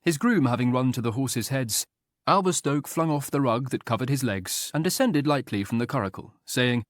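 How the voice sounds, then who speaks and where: A man's voice: medium pitch, lively intonation, moderate pace, dry recording. Man narrating an audiobook, dry close sound. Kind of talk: scripted narration.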